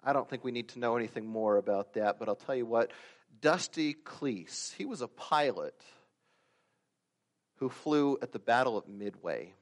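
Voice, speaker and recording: A man preaching a sermon, swinging from loud emphatic peaks to quiet asides and acting out the stories he tells. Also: medium pitch, lively intonation, moderate pace. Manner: acts out quoted voices and stories. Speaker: pastor.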